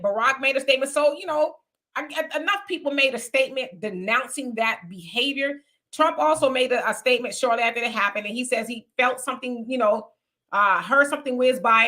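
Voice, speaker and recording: A woman's voice: on the high side, pushed and bright. A woman hosting a casual live stream, chatting with viewers and reading their comments aloud. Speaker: livestream host reading chat comments.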